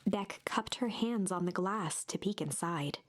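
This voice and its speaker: A woman narrating a storybook adventure game in a calm, even, scripted storytelling voice. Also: mid-range voice, unhurried, noisy background, lightly acted.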